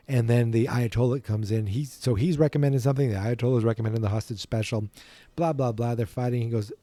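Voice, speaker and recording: A man's voice: mid-range voice, steady tone, quick pace, warm tone, dry recording. A man hosting a podcast, casually retelling a film from memory in a rambling, playful way that often corrects itself. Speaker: podcast host.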